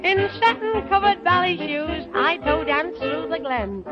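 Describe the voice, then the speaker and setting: A woman's voice: very high voice, a little slow. A woman singing a comic music hall number as a wry, aging fairy queen, chuckling between lines. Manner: bright sung music hall delivery with chuckles. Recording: old dull record with loud band.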